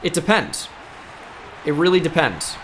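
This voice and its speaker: A man hosting a gaming video, joking and commentating on his gameplay, shouting out big plays. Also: fairly high pitch, unhurried, a little hiss or hum. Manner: excitable, jokey, breaks into shouted play-calls.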